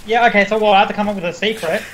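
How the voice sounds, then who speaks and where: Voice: mid-range voice, steady tone, racing, fairly bright tone, rough recording. Hesitant player thinking aloud. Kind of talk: tabletop game chat.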